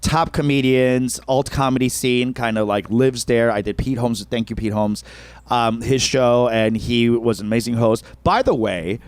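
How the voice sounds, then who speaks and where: A man co-hosting a comedy podcast, telling a story in an animated way with frequent laughs and casual swearing. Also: medium pitch, moderate pace, clean tone, no room sound. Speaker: podcast co-host, stand-up comedian.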